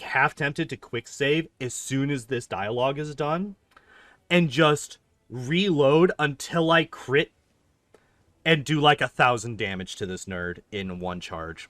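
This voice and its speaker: In a medium-pitched voice with no echo, a young man rants animatedly while streaming a game, his casual commentary heavy on profanity and the word "like."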